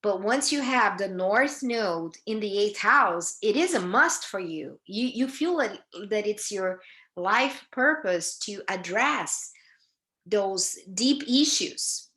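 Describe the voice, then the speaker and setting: A woman leads a live astrology talk for a group. Her voice is bright and forward, and she speaks slowly. She stops often and restarts her sentences, with many fillers along the way. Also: mid-range voice, expressive. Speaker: astrology teacher. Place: United States.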